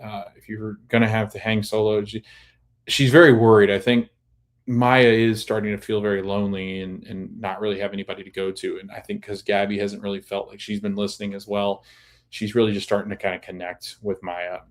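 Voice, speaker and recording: A man's voice: fairly low pitch, little pitch movement, a little fast. A man hosting a podcast, casually recapping a TV episode in a chatty way and laughing often as he retells scenes. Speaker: podcast host.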